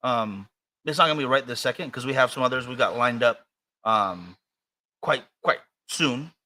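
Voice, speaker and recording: A man's voice: mid-range voice, normal speed, sharp tone. A man with an American accent co-hosting a podcast in casual chat, rambling and hesitant with many fillers and restarts. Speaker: podcast co-host.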